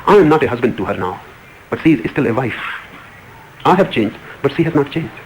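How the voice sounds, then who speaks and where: A man speaks quickly in a spiritual discourse. He tells an old story and stresses his points by repeating them. A faint hiss sits under his voice. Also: mid-range voice, animated, low-quality recording. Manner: repetitive, emphatic storytelling. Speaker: spiritual teacher.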